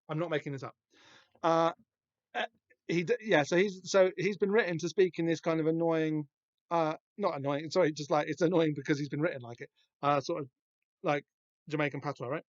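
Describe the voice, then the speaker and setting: A man hosting a podcast, talking through a comic book in a rambling, halting way with lots of fillers and restarts. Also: fairly high pitch, dry recording. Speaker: podcast host. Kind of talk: casual comic book discussion. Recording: dull, dry lo-fi podcast recording.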